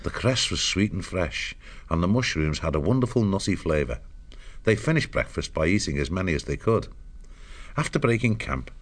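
A man narrating an audiobook chapter in a measured storytelling delivery. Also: sits low.

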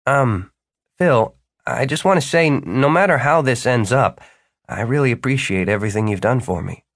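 A man voicing a wry young male apprentice who jokes to hide his nerves, speaking higher than his narration. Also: lively intonation, moderate pace, no room sound, clean studio sound. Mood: earnest.

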